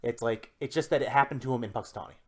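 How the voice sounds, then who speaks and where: A man in casual podcast chat who rambles through his thoughts, restarting sentences as he works out ideas out loud. His pitch sits in the middle for a man. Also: racing, slight background noise. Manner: rambling, many restarts, explains ideas eagerly. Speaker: podcast co-host.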